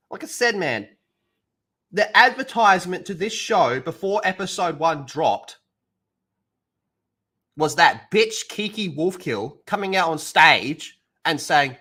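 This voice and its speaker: A male streamer ranting on his livestream, swearing freely and dripping with sarcasm. His voice sits a little high and sounds bright and sharp. The pitch swings widely as he works himself up. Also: expressive, unhurried. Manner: heated, profane, sarcastic ranting. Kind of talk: livestream rant.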